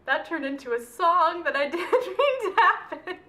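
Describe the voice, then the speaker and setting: A woman with a high, sharp, bright voice speaks straight to her viewers in a relaxed book review. She is chatty and gushing, retelling the story in her own loose words. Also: moderate pace. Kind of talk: casual book review chat.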